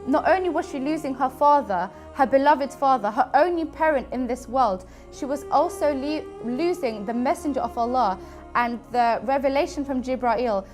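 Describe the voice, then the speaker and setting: High-voiced woman narrating over music. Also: moderate pace. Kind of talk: documentary narration. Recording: music bed under voice. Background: background music.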